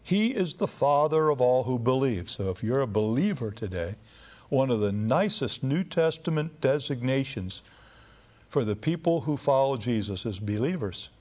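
A man preaching a sermon in a relaxed, conversational storytelling way, with occasional fillers. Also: medium pitch, moderate pace.

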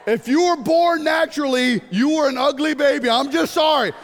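A middle-aged man preaching a sermon, animated and jokey, breaking into sudden shouts. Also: extremely high pitch, normal speed, some chatter behind. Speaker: pastor. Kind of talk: sermon with comic stories. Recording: long hall reverb.

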